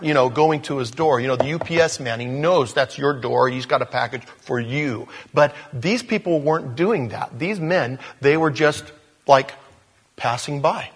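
A man preaching a sermon in a conversational way, growing animated as he reads scripture aloud. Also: a little high, husky, in a large hall.

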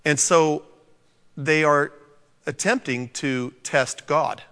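Animated preacher in a reverberant hall. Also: male voice, a little high, slow, smooth. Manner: animated, jokes with the congregation, quotes scripture dramatically. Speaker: pastor. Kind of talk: sermon. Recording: long reverb of a large hall.

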